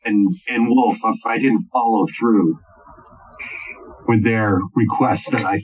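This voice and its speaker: A man's voice: on the low side, steady tone, slow, slightly rough, muffled recording. A man voicing a mutated, arrogant male scientist villain with a haughty, menacing manner. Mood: bitter.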